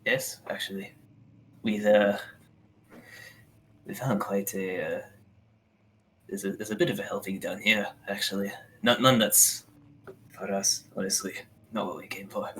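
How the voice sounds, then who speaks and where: A man voicing a starving, wary male goblin trapped in catacombs, speaking in a hushed, begrudging way. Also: fairly low pitch, fairly even intonation, measured pace, long pauses, a little hiss or hum. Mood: cagey.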